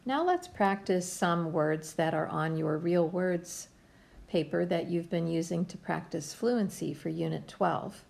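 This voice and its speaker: Patient woman teacher for a kids' phonics lesson; lowish, gravelly voice, slow delivery. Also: a little mellow. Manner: slow, patient, step-by-step instruction. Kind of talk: phonics lesson for young students.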